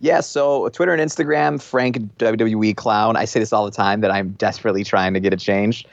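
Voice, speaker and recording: A man's voice: on the low side, steady tone, fairly quick, creaky, no echo, muffled recording. A young man, a podcast guest, chatting casually and explaining things in a matter-of-fact way. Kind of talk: casual chat.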